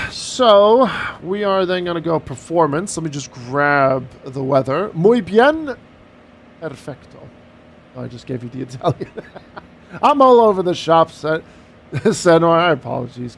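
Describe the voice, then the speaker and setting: A man's voice: a little high, animated, a little slow, vocal fry, a bit bright, a little hiss or hum. A man streaming a flight sim, chatting casually and joking while he talks through each step of the cockpit setup. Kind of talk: casual live-stream commentary.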